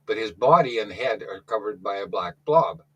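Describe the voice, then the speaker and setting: A man's voice: lowish voice, animated, moderate pace, slightly rough, dull audio. A man calling in to a talk show, telling a rambling story in a casual way, often restarting his sentences. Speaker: caller.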